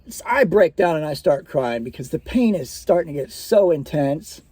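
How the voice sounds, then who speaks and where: A man with a somewhat high but mellow voice talks through a personal story off the cuff. His delivery rambles and is full of fillers, and the sound is dry and close. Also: lively intonation, moderate pace, slightly rough, no echo. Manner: rambling, conversational, many fillers.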